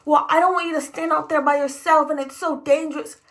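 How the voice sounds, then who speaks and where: Fussy driver lady, as a woman puts her on, higher pitch, sugary, fretful pleading. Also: steady tone, brisk, a bit bright.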